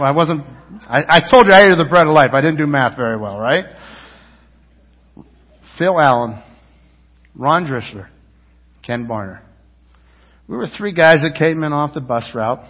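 A fairly high, husky man in his fifties preaches to his church, telling a rambling story full of restarts and asides. His voice climbs loud for emphasis, then drops low and quiet. The sound is dull, with a long reverb filling the sanctuary. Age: 50s. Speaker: pastor. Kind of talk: sermon.

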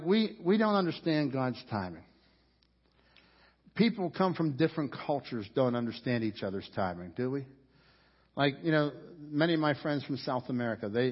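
A man's voice: mid-range voice, husky. A man preaching a sermon as pastor, earnest and conversational, repeating his key points for emphasis. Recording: dull lo-fi audio with long hall reverb.

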